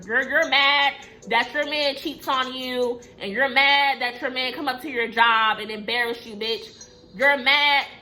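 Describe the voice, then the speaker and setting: A young woman telling a storytime vlog in a blunt, profane, animated way. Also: a little high. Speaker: vlogger.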